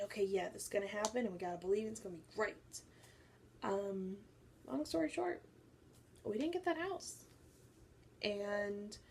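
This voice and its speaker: Gal vlogging her faith journey, bit of a gravelly voice, acts out the quotes, faint hiss in the back. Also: mid-range voice, darkish tone. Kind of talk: personal testimony to camera.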